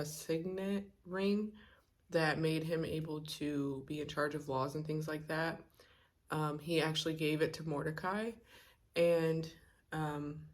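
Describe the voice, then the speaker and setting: A young woman with a notably low voice tells a story in a relaxed, chatty way, leaning on "like" and "you know". She talks to her camera while doing her makeup. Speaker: vlogger.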